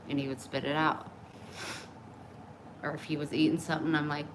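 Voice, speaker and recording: A woman's voice: sits low, level tone, brisk, pauses often, background noise. A middle-aged woman talking bluntly and openly in a casual vlog, oversharing about her personal life. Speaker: vlogger. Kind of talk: candid casual chat.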